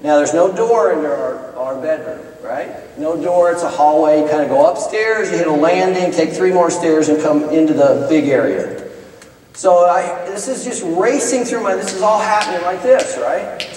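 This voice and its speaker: A man's voice: on the high side, normal speed. Dramatic middle-aged man telling a story in a chapel. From Iowa, United States. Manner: dramatic storyteller, swings from urgent to hushed. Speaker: guest chapel speaker, business professor. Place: large chapel hall. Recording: echoey hall, voice from far off.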